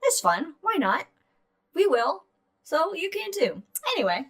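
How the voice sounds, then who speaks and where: A woman's voice: very high voice, very animated, unhurried. A woman co-hosting a podcast in casual chat, rambling and playful, with some swearing. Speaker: podcast co-host.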